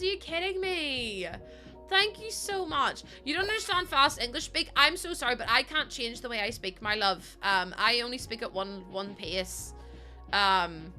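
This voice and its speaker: A chatty young woman streams a building game and talks to her viewers in a high, bright voice. Her pitch bounces all over as she giggles and gushes her thanks. Soft game music plays underneath. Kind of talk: casual live-stream chat while gaming. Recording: faint game music behind.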